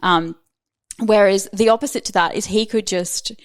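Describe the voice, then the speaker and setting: A woman's voice: medium pitch, moderate pace, dry recording. A woman around thirty, talking candidly as a podcast guest in a casual chat, full of "like" and "um". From Australia. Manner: candid, chatty, frequent "like" and "um".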